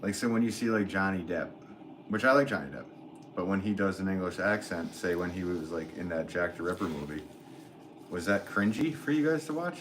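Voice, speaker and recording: An American man in his forties, a potter chatting casually on a livestream and reading viewer comments in a rambling, relaxed way. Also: sits low, a little fast, background noise. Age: 40s. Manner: rambling, relaxed, filler-heavy talk with laughs. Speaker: potter streaming live.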